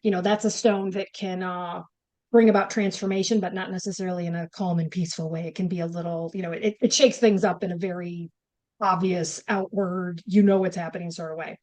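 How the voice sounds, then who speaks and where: A woman's voice: lowish voice, fairly even intonation, fairly quick, darkish tone. Chatty Northern woman co-host. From upstate New York. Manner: chatty, rambling, many restarts and fillers. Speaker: podcast co-host. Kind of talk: casual chat.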